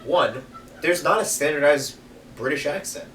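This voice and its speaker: A man's voice: a little high, normal speed. American guy rambling on casually, sits back from the mic, room echo. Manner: rambling, swears for emphasis, lively when telling stories. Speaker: podcast co-host. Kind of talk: casual chat over beers. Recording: echoey room, mic at a distance, faint background noise.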